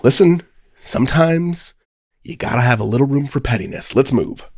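A man's voice: medium pitch, animated, moderate pace, darkish tone, dry recording, studio quality. A man playing a tabletop game who jokes and swears freely. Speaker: player. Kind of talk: casual tabletop play.

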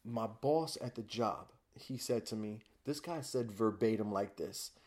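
A man's voice: lowish voice, a little slow, a little mellow. A man, a podcast guest, telling his personal story in a candid, raw way, often swearing.

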